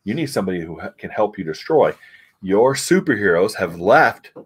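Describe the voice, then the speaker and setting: Man doing a scheming comic-book villain, low voice, scheming, boastful retold lines. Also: big pitch swings, normal speed, breathy edge. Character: scheming male villain pitching himself as right-hand man.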